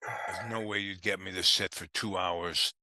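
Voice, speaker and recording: A man's voice: low-pitched, steady tone, measured pace, pushed and bright, dry recording, studio quality. A man in a casual live chat who speaks bluntly and plainly.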